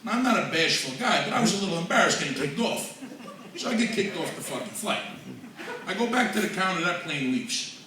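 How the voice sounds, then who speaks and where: Brash New comic, echoey room. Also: male voice, high-pitched, lively intonation, brisk, sharp tone. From New York. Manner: brash, profane, self-mocking. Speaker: stand-up comedian. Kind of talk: stand-up comedy set. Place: comedy club open mic, large room. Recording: echoey room from far off with noise.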